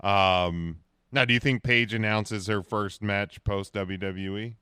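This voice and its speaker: A man's voice: fairly low pitch, fairly even intonation, takes it slowly, bright, forceful tone, smooth, no echo, clean studio sound. A man co-hosting a casual podcast chat, rambling and repeating words as he sets up questions. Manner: rambling, repeats words when starting sentences. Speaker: podcast co-host.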